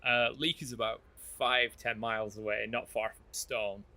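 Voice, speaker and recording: A man's voice: mid-range voice, steady tone, moderate pace, bright, forceful tone. A man chatting in rambling asides as he plays a game on a live stream. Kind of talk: live gameplay commentary.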